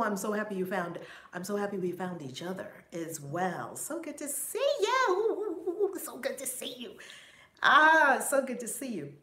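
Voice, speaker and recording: A woman reverend hosting a live stream, warmly greeting chat viewers one by one in an effusive, upbeat way. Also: mid-range voice. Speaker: reverend and spiritual teacher. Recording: roomy echo, faint background noise.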